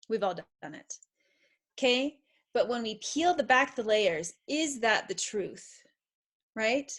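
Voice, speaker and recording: A woman's voice: a little high, animated, normal speed, fairly bright tone. A middle-aged woman confidence coach answering questions on a video call in an enthusiastic, encouraging, emphatic way.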